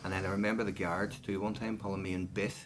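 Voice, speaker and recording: A middle-aged man rattles through his words at a headlong pace in casual podcast chat, his voice sitting low. A clear background hiss sits under the recording. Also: level tone, fast talker.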